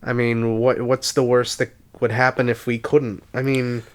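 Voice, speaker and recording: A man's voice: medium pitch, little pitch movement, moderate pace, clear, resonant tone. A man co-hosting a casual podcast, talking reflectively and hesitantly with many restarts. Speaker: podcast co-host. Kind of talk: casual chat.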